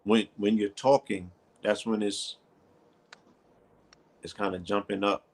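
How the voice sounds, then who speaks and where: Gravelly, husky male co-host. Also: lowish voice, steady tone, takes it slowly. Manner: laid-back, conversational, checks in with the listener. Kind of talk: casual chat.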